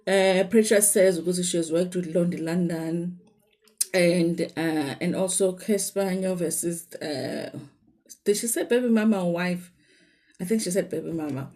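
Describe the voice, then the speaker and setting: A woman's voice: on the low side, measured pace, mellow. A South African woman with a Zulu accent, chatting casually to viewers in a gossipy recap, with many fillers and some Zulu mixed in. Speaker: reality TV commentator.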